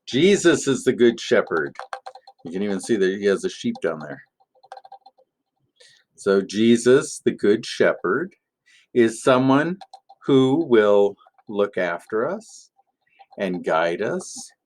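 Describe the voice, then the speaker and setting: A man, a pastor, giving a gentle, playful family sermon in an object-lesson style, with many pauses as he tells a story. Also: fairly low pitch, big pitch swings.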